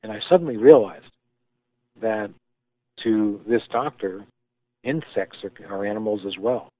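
Low-voiced man on a tinny line. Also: a little slow, no room sound. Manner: thoughtful, hesitant restarts. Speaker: guest, company founder. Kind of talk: storytelling interview answer. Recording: tinny phone-like line, dry.

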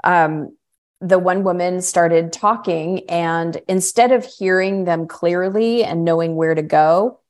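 A middle-aged woman, a coach and energy healer, telling her story in a lively conversational way and acting out other people's lines. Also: slow. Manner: acts out quoted voices with big pitch jumps.

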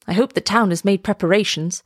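A woman's voice: medium pitch, brisk, no room sound, studio quality, lightly acted. A woman voicing a proud, fussy little male swallow in a storybook, lofty and chirpy. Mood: fussy, huffy. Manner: chirpy, lofty and self-important.

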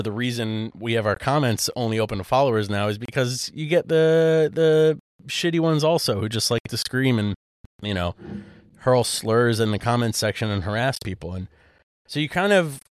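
A man's voice: mid-range voice, no room sound, studio quality. A man co-hosting a podcast, telling a story in casual chat, rambling with lots of fillers and restarts. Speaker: podcast co-host.

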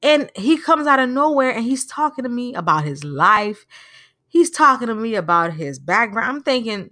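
A woman's voice: a little high, big pitch swings, normal speed, sharp tone, no echo, studio quality. A woman hosting a podcast, giving an earnest, preachy motivational talk and telling stories with animation. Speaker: podcast host. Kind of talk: motivational monologue.

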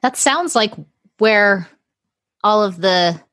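A woman's voice: mid-range voice, animated, slow, a bit bright, dry recording, clean studio sound. A woman in a casual comedic podcast chat, rambling and giggling as she talks.

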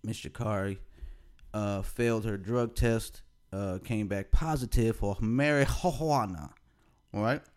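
A man's voice: lowish voice, unhurried, darkish tone, clean tone. A man co-hosting a podcast in casual chat, laid-back, repeating phrases and laughing often. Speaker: podcast co-host.

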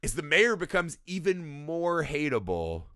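A man with a fairly high voice speaks a little slowly, recorded in clean studio sound with no echo. Co-hosting a podcast, he chats casually and profanely about films, animated throughout and often tacking "right?" onto his sentences.

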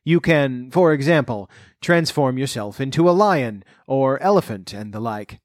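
A man voicing a sly, scheming male cat in boots in a storybook, speaking smoothly and courteously. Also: medium pitch, animated, a little slow, no room sound, studio quality, natural voice. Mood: courtly.

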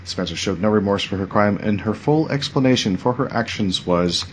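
A man's voice: low-pitched, lively intonation, fairly quick, slight background noise. A man in his forties, chatting casually as a podcast host, rambling and jokey, often trailing off. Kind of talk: casual chat.

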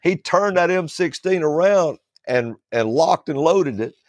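A man who preaches, telling stories in a relaxed chat, often restarting his sentences and chuckling as he goes. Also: fairly high pitch, unhurried, no echo. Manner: rambling, starts over often, chuckles through stories. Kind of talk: storytelling in a casual panel chat.

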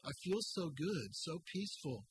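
A man voicing a frightened young man who speaks timidly and pleadingly, with loud guitar music underneath. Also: on the high side, sing-song, moderate pace, husky, dry recording, pitched above the performer's own voice, heavily acted, low-quality recording.

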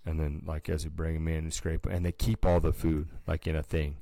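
A man's voice: a bass voice, level tone, creaky, mellow, dry recording. A man co-hosting a podcast, chatting casually and telling rambling stories full of "like" and "dude". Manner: slips into quick put-on voices for people in his stories. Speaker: podcast co-host. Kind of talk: casual chat.

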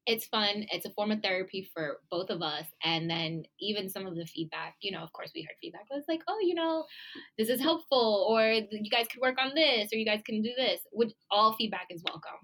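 A woman's voice: mid-range voice, a little fast, few pauses, fairly bright tone. Joking woman podcast co-host. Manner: joking, laughs often. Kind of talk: casual chat.

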